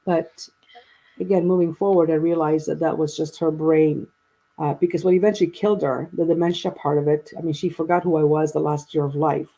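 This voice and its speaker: Mellow, husky woman telling a story. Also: deep voice, fairly even intonation, a little fast, low-quality recording. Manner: rambling, with many restarts and quoted dialogue. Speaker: guest. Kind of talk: personal storytelling in a conversation.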